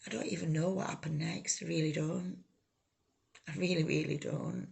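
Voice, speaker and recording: A woman telling her own life story, halting, raw and emotional, swearing freely. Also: sits low, fairly even intonation, vocal fry, a little mellow, slightly rough. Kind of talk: personal life story told to camera.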